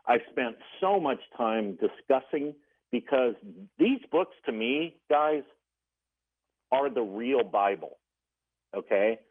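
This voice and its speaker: A man's voice: mid-range voice, animated, slow pace. A man calling in to a radio show, earnestly telling a story and acting out what each person said. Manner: earnest, retelling dialogue in quotes. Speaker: caller. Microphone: telephone. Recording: tinny phone line.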